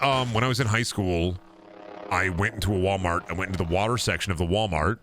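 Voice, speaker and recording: Young guy on a game stream, lowish voice, rambly and self-mocking, goes loud with fake outrage. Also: quick pace, slight background noise. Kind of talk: casual gaming stream chatter.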